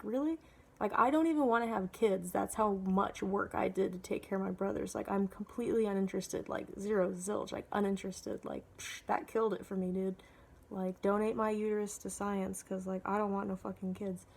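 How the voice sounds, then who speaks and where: A twentysomething woman vlogger tells a personal story to camera with a mid-range, steady voice that's fairly quick, creaky and a little mellow. She's blunt and candid, swears freely, and rambles, leaning heavily on "like" and other fillers.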